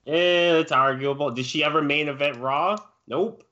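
A man's voice: a little high, normal speed, bright, forceful tone, lo-fi sound. A man co-hosting a wrestling podcast, debating picks and sometimes stammering. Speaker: podcast co-host. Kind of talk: casual chat.

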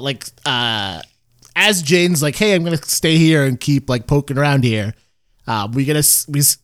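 A man with a slightly high voice walks through a plot recap in meandering casual chat, circling back with "like" and "um" as he goes. He sounds relaxed and conversational, thinking aloud while he talks. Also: smooth. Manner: rambling, many fillers and restarts. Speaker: podcast co-host.

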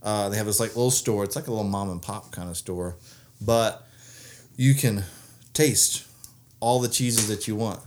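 A man's voice: fairly low pitch, moderate pace, pauses often, darkish tone. A man co-hosting a casual chat show, telling rambling stories full of "uh" and "like". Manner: rambling storyteller, many "uh" and "like" fillers. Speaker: co-host.

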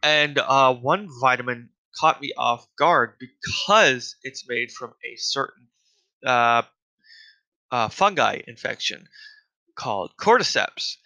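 A man's voice: medium pitch, expressive, slow pace, gravelly, bright, forceful tone, poor audio. A man delivering a casual, profane solo rant, exasperated and full of fillers.

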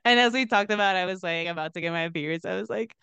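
A young woman co-hosting a podcast, telling a story in a chatty, animated way with lots of fillers. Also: quick pace, vocal fry, clear, resonant tone, no echo. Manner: animated storyteller, lots of "like", laughs into high pitch. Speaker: podcast co-host, dancer. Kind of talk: casual chat, storytelling.

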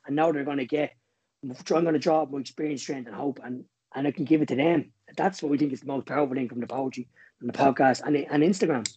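A man, a poet guest on a podcast, speaking earnestly in quick, tumbling phrases. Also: mid-range voice, fairly even intonation, warm tone, husky, highs cut off. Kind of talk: casual podcast conversation.

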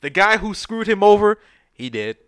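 Animated, bright-voiced man recapping a movie. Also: high-pitched, moderate pace, clear, resonant tone, no echo, studio quality. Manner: animated storyteller who acts out movie scenes; loose, profane street-style speech. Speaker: podcast co-host. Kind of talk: casual chat.

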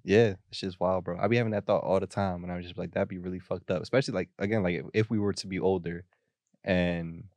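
A young man co-hosting a podcast in casual chat, slangy and joking, quick to laugh while he rambles. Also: low voice, fairly even intonation, darkish tone, no room sound. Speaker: podcast co-host.

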